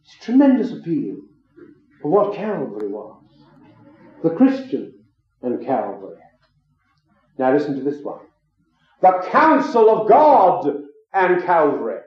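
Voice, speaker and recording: A man's voice: medium pitch, sing-song, normal speed, pauses often. A man preaching a sermon, telling a story and then rising into emphatic declarations before a gathering. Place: a room with an audience. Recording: very echoey, dull lo-fi recording.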